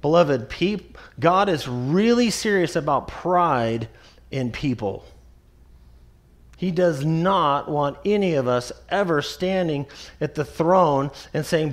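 A man preaching an expository sermon, emphatic and repetitive, slowing down to stress the scripture he quotes. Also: on the high side, expressive. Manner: emphatic, repeats key phrases, slows to stress scripture.

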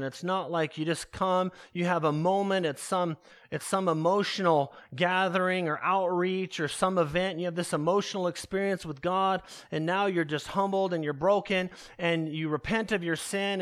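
A male pastor preaching a sermon, slowing down to stress key words and calling his listeners beloved. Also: high voice, fairly bright tone.

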